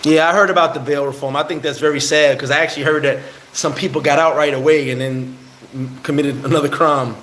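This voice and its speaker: A man's voice: on the high side, fairly quick, roomy sound, a little hiss or hum, low-quality recording. A man, telling a heated story on a casual live stream and answering chat. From New York. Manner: animated, heated storyteller, acts out quotes. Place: bar in the Dominican Republic.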